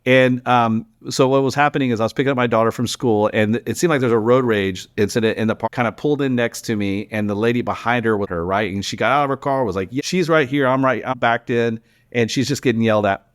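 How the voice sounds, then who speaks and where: A middle-aged man from Texas, a company founder and podcast guest, telling animated stories in casual conversation, full of restarts and fillers. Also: medium pitch, fast, few pauses, no room sound, studio quality. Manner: animated, rambling anecdotes with many restarts and fillers.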